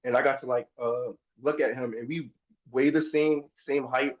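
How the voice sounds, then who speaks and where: A man's voice: mid-range voice, fairly even intonation, normal speed. A young man from New Jersey, a college football player, talking in an easygoing, enthusiastic, informal way as an interview guest. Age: young adult. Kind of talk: casual interview. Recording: dull lo-fi sound.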